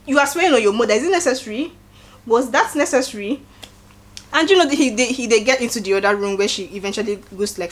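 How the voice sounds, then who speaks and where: A woman with a Nigerian accent giving a casual recap, acting out quotes in an animated way and adding preachy asides. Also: a little high. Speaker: show recap host. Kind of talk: casual reality-show recap.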